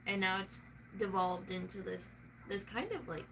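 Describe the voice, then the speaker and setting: A woman's voice: medium pitch, normal speed, creaky, fairly bright tone. A woman with a Southern US accent, chatting casually in a rambling way and swearing often. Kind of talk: casual chat. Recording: noisy room, mic at a distance.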